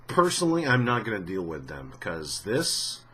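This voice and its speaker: A man's voice: lowish voice, wildly swooping pitch, moderate pace, sharp tone, slight background noise. A man giving casual commentary on gaming news for his channel, talking in a rambling, blunt way with many restarts and the odd swear word.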